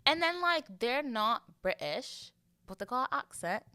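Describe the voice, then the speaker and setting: A woman's voice: mid-range voice, a little slow, clean tone, no echo. A young woman from Florida, hosting a podcast in a chatty, playful monologue. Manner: chatty, animated, playful, acts out voices. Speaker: podcast host. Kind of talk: casual chat monologue.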